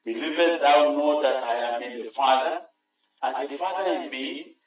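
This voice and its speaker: A man voicing Jesus as a calm, grave teacher, quoting scripture slowly and solemnly in a church. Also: medium pitch, voice pushed down, close to an everyday voice. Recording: very echoey church hall, mic far off.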